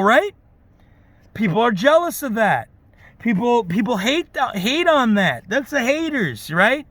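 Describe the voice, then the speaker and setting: A man rants to camera in a lively, animated voice that sits high for a man, swinging up and down as he preaches. He keeps checking in with "okay?" and "right?" The recording is dry, with no room echo. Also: unhurried. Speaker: auto service technician vlogger. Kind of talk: ranting monologue to camera.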